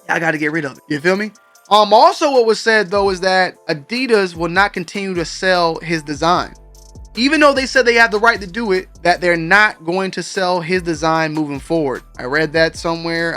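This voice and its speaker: Talking straight to his audience, a man hosting a sneaker news show keeps things slangy and conversational. His voice is a little high and a bit bright.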